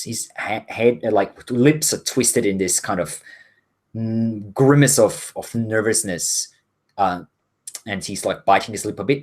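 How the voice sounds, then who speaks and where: Relaxed man narrating a tabletop game. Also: lowish voice, slightly rough. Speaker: game master.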